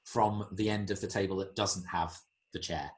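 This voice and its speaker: A man narrating as game master, describing scenes in an unhurried, descriptive way. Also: sits low, fairly even intonation.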